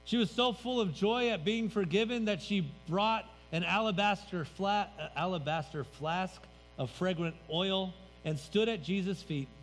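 A man's voice: high voice, normal speed, few pauses, a little hiss or hum. A man pastor preaching a sermon in a church sanctuary, conversational and emphatic, letting his voice drop at the ends of phrases. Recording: reverberant hall, faint music.

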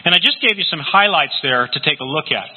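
A man preaching a sermon, telling scripture stories with lively acted-out quotes in a husky voice. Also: fairly high pitch, fast. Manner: animated storytelling, acting out scripture quotes. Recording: tinny lo-fi recording in a reverberant hall.

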